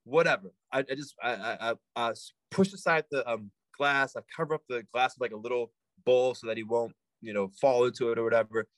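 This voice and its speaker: A man telling a long story as a podcast guest, in a casual animated way, repeating himself and filling with "like". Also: mid-range voice, brisk, hardly any pauses, no room sound, rough recording.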